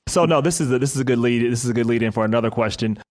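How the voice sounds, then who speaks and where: A man's voice: mid-range voice, very fast, a little mellow. A man hosting an interview who rambles and repeats words as he builds his questions. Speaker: interview host. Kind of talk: conversational interview.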